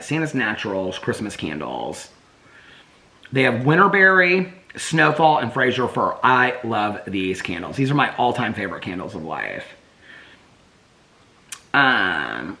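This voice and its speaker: A man chats casually at home in a daily vlog, rambling from one thought to the next. His voice is bright and forward, and his pitch swings a lot. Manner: chatty, rambling, baby-talks to his dogs. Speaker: vlogger. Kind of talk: casual chat.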